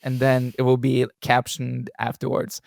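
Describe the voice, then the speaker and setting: A man from Norway with a gravelly, creaky edge to his voice, speaking English as an in relaxed podcast chat. He tells stories playfully, often rushing through them in quick bursts. The sound is dry and close to the mic. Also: mid-range voice, no echo. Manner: easygoing storyteller, bursts into quick speech, playful. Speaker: podcast co-host. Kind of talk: casual chat.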